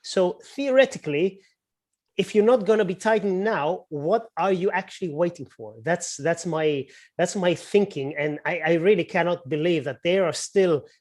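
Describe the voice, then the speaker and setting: A man's voice: sits high, normal speed, darkish tone. A man giving market commentary as a guest analyst on a webinar, firmly building his argument.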